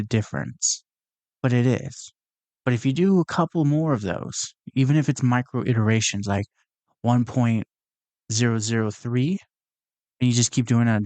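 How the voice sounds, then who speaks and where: In a dry recording, a young podcast host with a mid-range, darkish voice reflects out loud. His talk is relaxed and sincere but wandering, and he keeps using fillers and starting sentences over.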